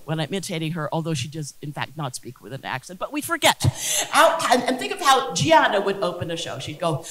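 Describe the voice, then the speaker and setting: A woman giving a humorous lecture on science communication as a guest speaker, animated and jokey, acting out quotes. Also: fairly low pitch, brisk. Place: lecture hall. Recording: roomy hall echo.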